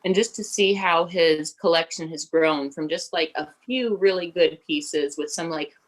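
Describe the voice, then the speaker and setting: Low-voiced woman co-hosting a podcast. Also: a little slow, poor audio. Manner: relaxed, many likes and fillers. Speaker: podcast co-host, tattoo artist. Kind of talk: casual podcast chat.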